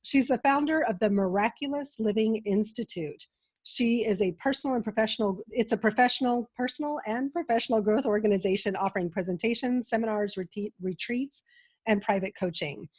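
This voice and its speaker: A woman's voice: fairly high pitch, fairly quick, husky, dry recording. A middle-aged woman hosting a podcast, nasal from a cold, giving an enthusiastic, gushing introduction of her guest. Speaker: podcast host. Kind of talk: casual podcast chat.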